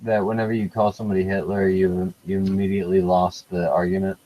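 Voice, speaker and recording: A man's voice: sits low, flat delivery, quick pace, dark tone, low-quality recording. A man joining a casual chat as a guest over an online call, hesitant and often asking to hear things again. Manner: hesitant, restarts, asks to repeat.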